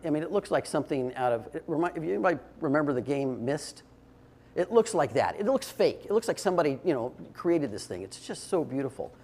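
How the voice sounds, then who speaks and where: A man's voice: fairly high pitch, a little mellow, slightly rough. An older man giving a short, informal talk to an audience, telling stories in a conversational way with restarts and fillers. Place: indoor event space.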